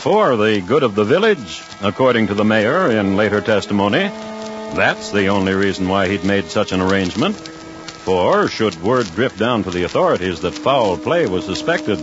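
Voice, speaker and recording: A man narrating an old radio drama as a wry storyteller. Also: lowish voice. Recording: dull lo-fi old radio recording with music.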